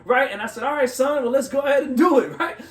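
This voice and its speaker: A man giving a motivational monologue, telling stories in an animated way and often checking in with "right?". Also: very high voice, quick pace, echoey room, distant mic. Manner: animated storytelling with frequent "right?" tags. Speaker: motivational speaker.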